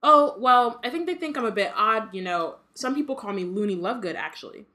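A woman's voice: on the high side, animated, brisk, sharp tone, voice pushed up. A woman reading aloud the lines of a dreamy, odd teenage girl in a light voice.

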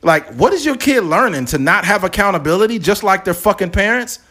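A man's voice: sits high, a little fast. Blunt, profane male podcast host. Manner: blunt, profane, animated storytelling. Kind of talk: casual podcast chat.

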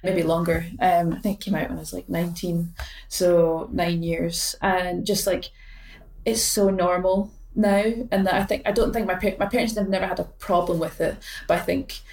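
Scottish woman, soft-spoken, roomy distant sound. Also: on the low side, level tone, normal speed, gravelly. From Scotland. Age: late 20s. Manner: thoughtful, hesitant, many fillers and restarts. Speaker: badminton player, guest. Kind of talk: casual interview chat.

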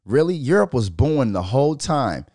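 A man from Minnesota hosting his own podcast, talking casually, swearing a lot and riffing into animated rants. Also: mid-range voice, normal speed, no echo, clean studio sound. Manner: profane, animated, riffing and ranting. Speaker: podcast host. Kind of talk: casual solo podcast rant.

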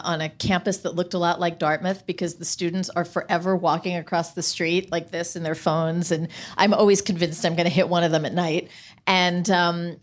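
A woman novelist telling a frank story about her writing in a casual onstage conversation. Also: on the low side. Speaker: novelist on a panel.

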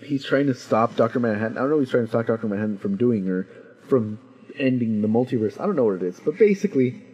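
A young man in casual chat, retelling a story with excitement and acting out the characters. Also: mid-range voice, fast talker, slightly rough. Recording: dull lo-fi recording.

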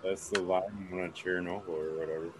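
Deep-voiced man chatting loosely. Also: fairly even intonation, brisk, a little hiss or hum, rough recording. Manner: rambling, trails off searching for words. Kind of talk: casual chat.

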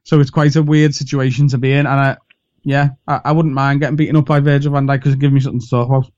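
A man's voice: mid-range voice, little pitch movement, fast talker, darkish tone. Scouse man, dull lo-fi sound. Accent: Liverpool. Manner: candid, rambling, self-deprecating. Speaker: comedian guest. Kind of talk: casual podcast chat.

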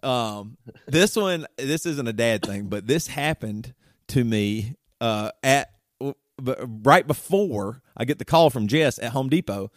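A man hosting a podcast, telling comic stories in a lively way and often laughing as he talks. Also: medium pitch, measured pace, dry recording, studio quality. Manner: animated, laughs through his stories. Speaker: podcast host. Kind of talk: casual comic storytelling.

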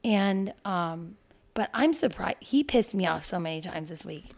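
A woman's voice: on the low side, a little slow. A woman in her thirties co-hosting a casual podcast, telling exasperated stories about her kids and swearing freely. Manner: exasperated, animated storytelling with swearing. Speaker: podcast co-host. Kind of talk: casual chat.

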